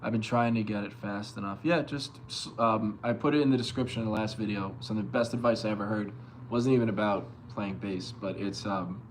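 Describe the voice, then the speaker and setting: A young man from Long Island streaming live as a bass player, loosely reading chat and answering with plenty of swearing. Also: steady tone, a little fast, slight background noise. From Long Island, New York. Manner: loose and profane, reads chat aloud and answers.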